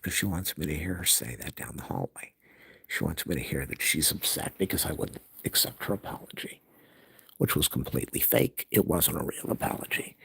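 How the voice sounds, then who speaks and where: A man's voice: very deep voice, gravelly, fairly bright tone, slightly rough. A middle-aged man in an angry personal rant, heated and repeating himself as he recounts an argument.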